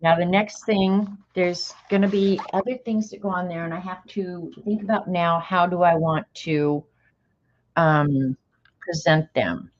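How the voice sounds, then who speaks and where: A middle-aged woman hosts an art livestream, chatting casually and talking to herself as she draws. Her lowish voice is steady and a little slow, and the stream audio is dull and lo-fi.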